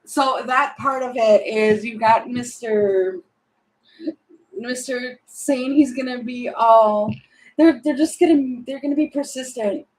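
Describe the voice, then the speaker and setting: A woman reading tarot cards for her viewers in a relaxed, talkative way, with a voice pitched a little high. She laughs often and thinks out loud between cards, as if chatting to a friend. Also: slow pace, low-quality recording. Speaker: tarot reader. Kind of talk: casual tarot reading to camera.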